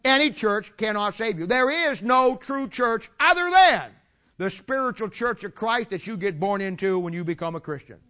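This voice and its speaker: An older preacher delivers a sermon in a high, bright voice, hammering his points with folksy sayings and repetition. The recording is dull and lo-fi, like an old church tape. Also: expressive, moderate pace.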